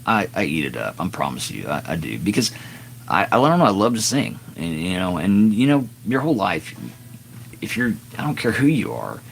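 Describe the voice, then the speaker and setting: Raspy low-voiced man chatting on a live stream. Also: fairly bright tone, slight background noise. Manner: earnest, chatty and self-deprecating. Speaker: singer-songwriter hosting a live stream. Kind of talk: casual live stream chat between songs.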